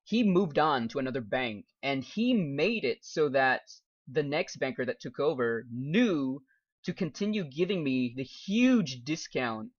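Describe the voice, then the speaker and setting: A man's voice: mid-range voice, animated, unhurried, breathy edge. A young man, a game streamer and English teacher, chatting casually and reading viewer comments aloud with frequent laughs. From United States. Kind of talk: casual live-stream chat while gaming. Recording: dull lo-fi stream audio.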